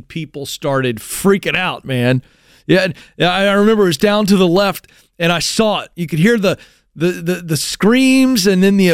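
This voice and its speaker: High-voiced male host, animated storytelling. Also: dry recording, clean studio sound. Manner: animated storyteller with frequent restarts and acted exclamations. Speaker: radio show host. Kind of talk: talk show monologue.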